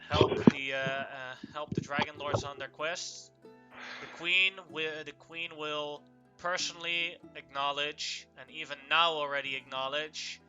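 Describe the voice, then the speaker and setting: A man runs a tabletop game as its game master. His voice sits a bit high and is very bright. He narrates casually, with fillers and restarts.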